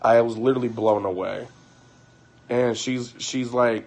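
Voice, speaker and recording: A young man on a late-night personal livestream, retelling an argument in an animated way, repeating himself and swearing. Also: medium pitch, normal speed.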